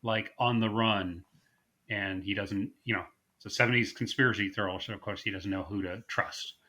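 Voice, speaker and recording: A man co-hosting a podcast in casual chat, animated and quick to act out movie lines in put-on voices. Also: on the low side. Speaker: podcast co-host.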